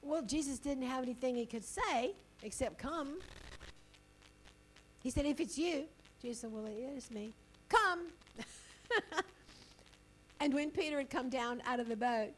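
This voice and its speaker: A woman preaching a sermon, chatty and animated, laughing often as she reads and explains scripture. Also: a little high, moderate pace, pauses often, a little hiss or hum, low-quality recording.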